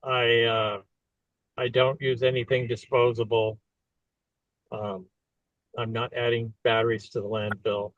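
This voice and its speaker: Man, mid pitch, slow and matter-of-fact, on a dull remote line. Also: level tone, no echo. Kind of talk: casual chat.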